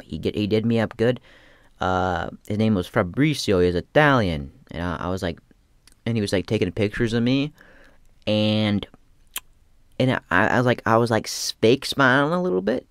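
A man's voice: lowish voice, fairly bright tone, clear, resonant tone, no echo, clean studio sound. A young man talking in a casual rambling monologue, slangy and profane, with lots of restarts. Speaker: aspiring comedian.

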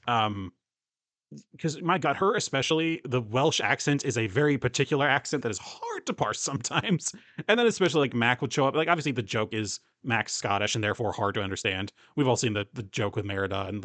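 Fast-talking rambling young man. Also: mid-range voice, animated, a bit bright, dry recording. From US East Coast and Southeast. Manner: rambling, self-interrupting, laughs often. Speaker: podcast co-host. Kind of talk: casual chat.

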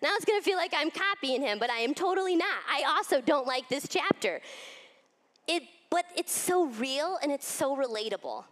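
Woman preacher, high voice, animated and candid, reads scripture aloud in a church. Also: normal speed. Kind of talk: sermon.

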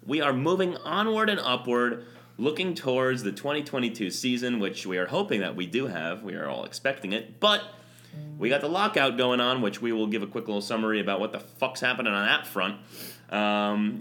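A man's voice: medium pitch, lively intonation, a little fast, sharp tone, slight background noise. A man hosting a casual comedy podcast, crude and swinging into mock-announcer showmanship. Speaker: podcast host.

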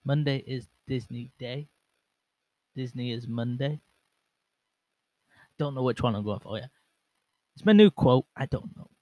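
A man's voice: medium pitch, measured pace, long pauses, darkish tone, dry recording, poor audio. Rambling man on a dry mic. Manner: rambling and self-mocking, with lots of fillers and restarts. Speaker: podcast host. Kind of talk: casual solo podcast chat. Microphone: bare microphone without windscreen, monitored on headset.

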